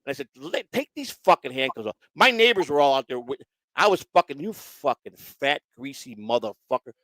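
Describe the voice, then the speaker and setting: Animated, profane male storyteller. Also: medium pitch, a little fast, dry recording, rough recording. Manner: profane, animated, acts out quoted voices. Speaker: host. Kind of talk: casual storytelling chat.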